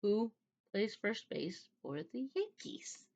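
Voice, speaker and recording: A woman's voice: fairly low pitch, very animated, moderate pace, a bit bright, lo-fi sound. A woman voicing a suspicious young 1940s soldier. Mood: pressing. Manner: pressing, insistent questioning.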